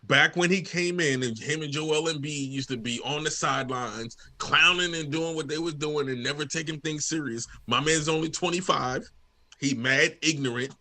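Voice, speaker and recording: Bright, sharp-edged male co-host; slangy, earnest, stops and restarts sentences; casual sports debate on a live stream. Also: on the high side.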